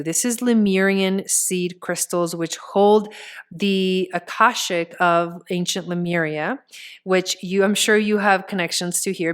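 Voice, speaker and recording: Smooth-voiced woman reading tarot cards. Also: on the low side. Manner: chatty, many "like" fillers; speaks straight to the viewer as "you". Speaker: tarot reader and astrologer. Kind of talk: casual tarot reading to camera.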